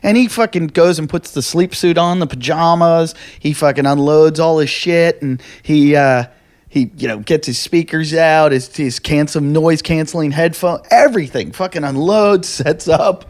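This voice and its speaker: A man with a fairly high voice tells a story with lots of energy and acts out every line of dialogue himself. His delivery is loose and comedic, and he swears freely as a podcast host chatting with guests. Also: moderate pace, darkish tone.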